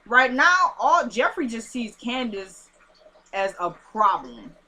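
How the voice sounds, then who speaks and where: A woman casually recapping a TV episode, retelling scenes in an animated, indignant way. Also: on the high side, slow pace, slight background noise. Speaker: TV show recapper.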